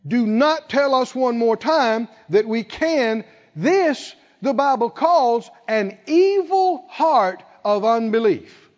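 A man preaching a sermon with emphasis, acting out quoted voices and building to loud peaks. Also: very high-pitched, lively intonation, takes it slowly. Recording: dull, reverberant hall sound.

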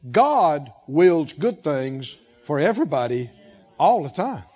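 A man preaching a sermon with a high, slow, deliberate voice that builds in emphasis and calls out questions for the congregation. The recording is dull and lo-fi. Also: sing-song, mellow, faint music behind. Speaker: pastor.

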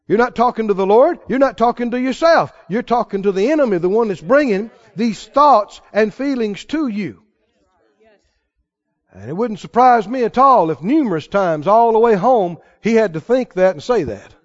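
A man's voice: very high voice, animated, moderate pace, dull audio. A male preacher delivering a fervent sermon, calling out to the congregation and stressing his points.

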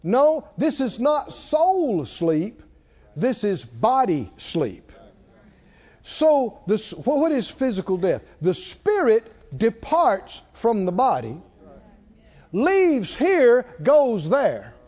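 A man preaching a sermon in a folksy, emphatic way that builds to shouting, recorded with dull lo-fi sound. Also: very high voice, wildly swooping pitch, takes it slowly.

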